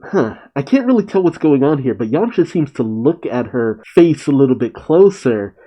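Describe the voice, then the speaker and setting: A man's voice: medium pitch, big pitch swings, moderate pace, husky, highs cut off. A man casually reading a comic chapter aloud and musing over it in chatty, puzzled asides. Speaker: manga reaction host.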